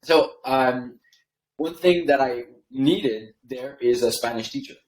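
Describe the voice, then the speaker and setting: A man from Canada tells his story as a podcast guest, rambling casually and checking in with "right?" after his points. His voice sits at a middling pitch. The room around him is echoey and reverberant. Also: slow pace, darkish tone. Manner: rambling, tags lines with "right?". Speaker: podcast guest, email copywriter.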